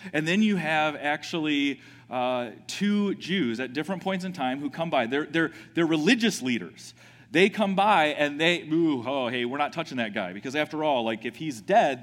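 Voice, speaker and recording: A man's voice: high voice, a bit bright. A man preaching a sermon as a pastor, conversational, with frequent restarts and questions to the congregation. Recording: reverberant hall.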